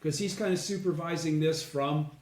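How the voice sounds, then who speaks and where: In a reverberant space, a congested man with a fairly high voice runs a casual group study at a moderate pace. He explains a text, checks in with "okay?" and "right?", and keeps clearing his throat.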